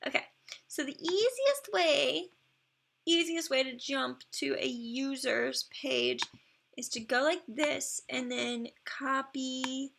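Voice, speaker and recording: A woman's voice: sits high, takes it slowly, vocal fry, a bit bright, a little hiss or hum. A woman streamer in casual live-stream commentary, chatty and effusive, gushing praise and laughing often between remarks.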